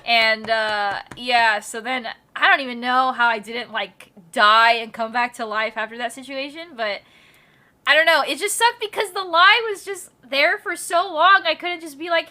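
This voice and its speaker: Bright-voiced young woman streamer, laughing. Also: sits high, a little slow. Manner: animated, laughing, swearing casually. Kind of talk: casual storytelling to chat.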